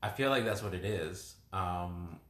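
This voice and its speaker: Low-voiced reflective man in echoey room. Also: unhurried, fairly bright tone. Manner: reflective, hesitant, many restarts. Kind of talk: casual conversation. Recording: roomy echoing room.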